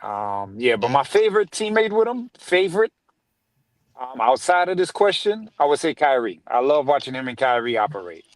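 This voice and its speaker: A man's voice: mid-range voice, very animated, normal speed, no echo, rough recording. A man in a casual sports podcast conversation who talks in a laid-back, slangy way and laughs often.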